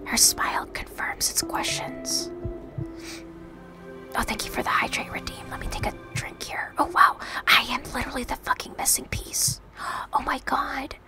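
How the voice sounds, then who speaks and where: A woman's voice: high voice, steady tone, a little fast. A woman streamer in whispered role-play, reading game dialogue aloud and answering chat in a whisper. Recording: music playing behind the whisper.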